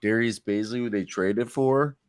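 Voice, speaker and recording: A man's voice: lowish voice, measured pace, smooth. Rambling young man on a sports show. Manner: rambling, filler-heavy, animated storytelling. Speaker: co-host of a basketball show. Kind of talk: casual sports talk.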